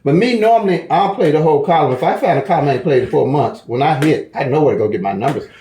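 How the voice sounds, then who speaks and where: A man's voice: fairly high pitch, lively intonation, fast, dark tone, reverberant. A man with a St. Louis accent explains a lottery number system in a casual, folksy way, repeating himself and stumbling over restarts. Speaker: lottery strategy channel host. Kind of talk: casual tutorial talk.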